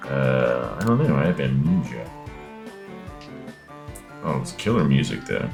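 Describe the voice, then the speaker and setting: Brief: deep-voiced, gravelly man casually joking through a video game, game music loud behind him. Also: sing-song, measured pace, pauses often. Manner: joking, swears, reacts aloud as he plays. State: coughing after playing basketball. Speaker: gamer playing a video game. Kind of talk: casual let's-play chat.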